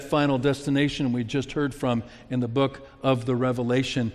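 A man preaching a sermon as pastor, earnest, building to emphatic peaks and falling back to soft, low passages. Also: flat delivery, normal speed, few pauses. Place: church sanctuary. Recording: long reverb of a large hall.

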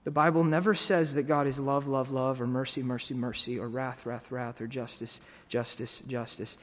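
A man's voice: mid-range voice, level tone, normal speed. Man preaching a sermon in a hall. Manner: teaching, with frequent restarts and repeated words.

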